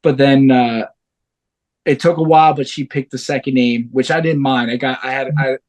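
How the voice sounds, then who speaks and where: A man's voice: mid-range voice, normal speed. A man in his thirties, a fighter and guest on a podcast, telling stories in casual chat and swearing freely. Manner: animated storyteller, swears freely.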